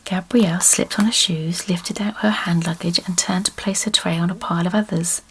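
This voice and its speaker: A woman reading a story aloud as an ASMR storyteller in a slow, soft whispered role-play. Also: on the low side, steady tone, a little hiss or hum.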